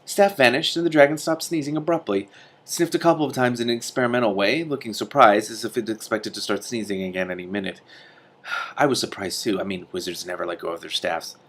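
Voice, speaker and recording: A man reading a novel chapter aloud and breaking in with excited commentary. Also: lowish voice, fast. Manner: enthusiastic, exclaiming reactions. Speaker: reader with commentary.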